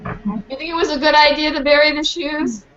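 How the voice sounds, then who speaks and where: A woman whose voice sits high reads a children's book aloud at a normal speed and afterward asks the students questions, lively as she questions the class. The audio is a dull lo-fi recording with faint hiss.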